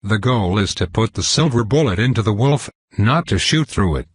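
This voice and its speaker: A blunt young werewolf hunter, as a male narrator puts him on, lecturing a crowd of soldiers. His voice is husky and fairly low, recorded dry and close. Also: expressive, normal speed, dry recording.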